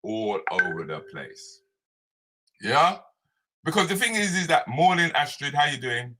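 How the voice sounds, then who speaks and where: A comedian hosts a live morning chat show, reading viewer comments in a bright male voice with lively, swinging pitch, a little on the slow side. His banter is animated, playful, and repetitive.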